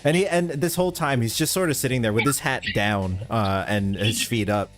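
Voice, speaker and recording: A man as game master, narrating a tabletop game in a relaxed, descriptive way. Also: medium pitch, moderate pace, soft background music.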